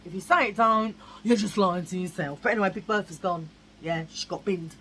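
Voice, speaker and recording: A woman's voice: medium pitch, fairly quick, sharp tone, a little hiss or hum, rough recording. A woman vlogging in a blunt, chatty way, repeating herself for emphasis. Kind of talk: casual chat.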